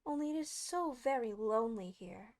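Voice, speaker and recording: A woman voicing a curious, polite young girl, earnest and wondering, pitched well above her own voice. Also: sing-song, normal speed.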